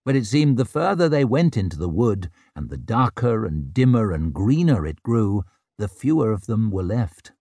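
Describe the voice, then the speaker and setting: A man giving measured, grave narration of a dark fantasy audiobook. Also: lowish voice, very animated, no room sound, clean studio sound.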